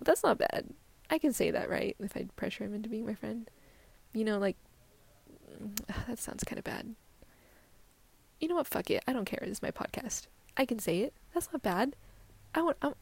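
A woman's voice: fairly high pitch, vocal fry, a little mellow, slightly rough. A young woman hosting her own solo podcast, rambling casually with lots of fillers and swearing, often dropping to a near-whisper. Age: young adult. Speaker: podcast host.

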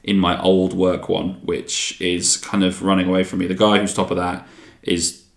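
A man hosts a relaxed podcast. He rambles in casual chat, trips over his own words and swears freely. The room around him is echoey. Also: low voice, moderate pace, creaky. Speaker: podcast host.

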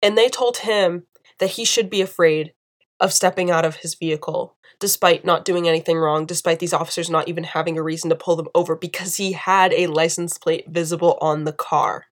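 A woman's voice: low-pitched, level tone, fairly quick. A young woman from the United States giving impassioned video commentary, emphatic and indignant, repeating phrases for force.

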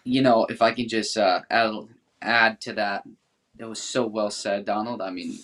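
A man's voice: on the low side, steady tone, normal speed. A man on a faith podcast, talking in an affirming way and quoting scripture. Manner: affirming, warm-hearted, quotes scripture. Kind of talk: casual faith podcast talk.

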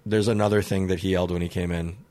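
A young man cohosting a podcast, telling a story in a loose, swearing, laughing way and shouting out the lines he quotes. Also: low-pitched, little pitch movement, fast. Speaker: podcast co-host. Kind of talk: casual storytelling chat.

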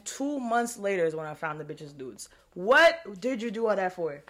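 A woman co-hosting a casual podcast chat, telling stories loudly and animatedly with heavy slang and swearing. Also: medium pitch, big pitch swings, moderate pace, a little hiss or hum.

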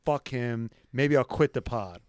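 A man's voice: mid-range voice, unhurried, clean tone, no room sound, studio quality. A man co-hosting a podcast, telling a story in casual, profane chat and acting out the quotes. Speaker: podcast co-host.

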